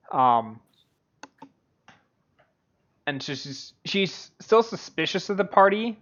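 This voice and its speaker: A man narrating as game master of a tabletop game, halting and full of fillers. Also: medium pitch, a bit bright. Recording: dull lo-fi audio.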